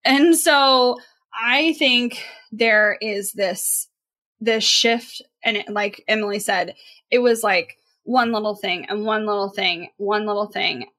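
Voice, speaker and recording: A woman's voice: mid-range voice, slow, bright, forceful tone. A woman co-hosting a podcast, talking earnestly and emphatically in casual chat, with frequent filler words. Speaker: podcast co-host.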